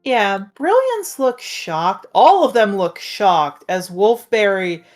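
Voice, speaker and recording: Animated woman narrating a tabletop game. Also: mid-range voice, slow. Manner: animated, describes scenes with loose fillers. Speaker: game master.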